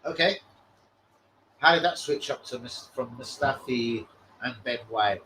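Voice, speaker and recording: A young man hosting a football stream, swearing and bantering loudly in street slang. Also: mid-range voice, measured pace, a little hiss or hum, low-quality recording. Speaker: football fan channel host. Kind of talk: live stream chat.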